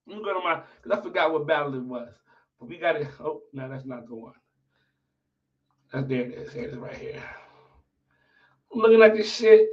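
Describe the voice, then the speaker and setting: A man hosting a casual livestream chat, slangy and profane, swinging from mumbles to shouts. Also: fairly high pitch, expressive, brisk, long pauses, far from the mic, muffled recording. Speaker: livestream host.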